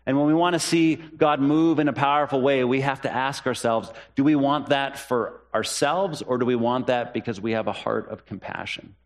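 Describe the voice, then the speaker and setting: A pastor preaching a sermon, earnest and repeating key phrases for emphasis. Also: male voice, normal speed, few pauses. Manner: rises in pitch when voicing the disciples' questions.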